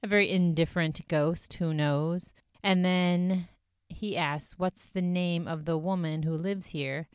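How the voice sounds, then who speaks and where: A woman's voice: fairly low pitch, steady tone, unhurried, smooth, no room sound, clean studio sound. A woman casually recapping a ghost-hunting episode as a podcast host, chatty and full of fillers. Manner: chatty, filler-heavy retelling with frequent "like". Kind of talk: casual chat.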